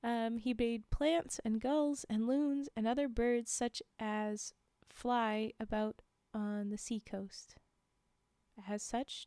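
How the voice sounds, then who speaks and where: A young adult woman reading folktales aloud on a livestream, chatty, pausing for casual asides and fillers. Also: fairly high pitch, steady tone, mellow, clean tone, dry recording. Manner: chatty, frequent laughs and fillers while reading. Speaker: livestream storyteller.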